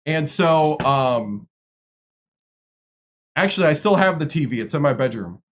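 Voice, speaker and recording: A man's voice: on the high side, expressive, measured pace, slight background noise. A man from Wisconsin, a streamer, telling long stories in casual chat with lots of fillers and restarts. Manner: rambling, filler-heavy storytelling.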